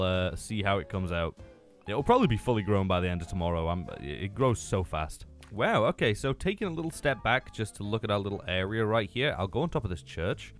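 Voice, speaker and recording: A young man giving playful, excitable commentary on his Minecraft game, taunting the mobs and laughing often. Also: medium pitch. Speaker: gaming YouTuber. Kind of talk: Minecraft let's-play commentary.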